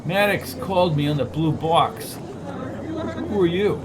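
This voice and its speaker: A man's voice: a little high, a little slow, a crowd in the background, noisy background, close to an everyday voice. A man voicing a terse male investigator who speaks in short, clipped lines.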